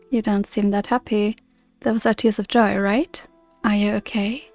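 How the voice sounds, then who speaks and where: A woman's voice: medium pitch, flat delivery, a little mellow, dry recording, faint music behind. A woman casually commenting on her gameplay in a playful, chatty way. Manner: playful, chatty, quick to laugh. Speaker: game streamer.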